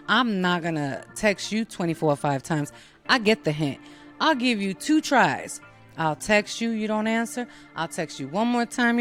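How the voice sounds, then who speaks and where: A woman hosting a show, giving a blunt, sassy and profane casual monologue, animated and putting on voices when she quotes people. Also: medium pitch. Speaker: show host.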